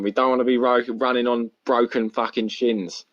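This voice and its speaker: A man's voice: mid-range voice, level tone, moderate pace, a bit bright. A man hosting a casual solo podcast, rambling and candid, swearing constantly. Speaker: podcast host. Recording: dull lo-fi recording.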